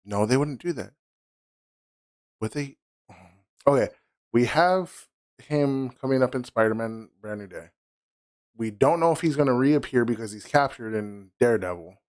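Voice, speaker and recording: A man's voice: medium pitch, normal speed, pauses often, no echo, clean studio sound. A man co-hosting a podcast, chatting casually and laughing as he talks. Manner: animated, laughs while talking. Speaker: podcast co-host. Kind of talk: casual chat.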